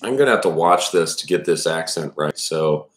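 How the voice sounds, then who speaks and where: This is a man with a very low voice rambling casually, stopping and restarting his thoughts and chatting between reading bits. He sounds like he's at home, and the room comes through noticeably echoey. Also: lively intonation, moderate pace. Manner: rambling, many restarts and fillers, self-deprecating. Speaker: reader giving commentary.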